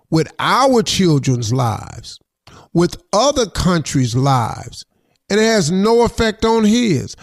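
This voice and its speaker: A man's voice: high-pitched, no room sound, studio quality. A middle-aged man, a radio host on an impassioned rant, preachy and heated, often repeating himself and saying "man".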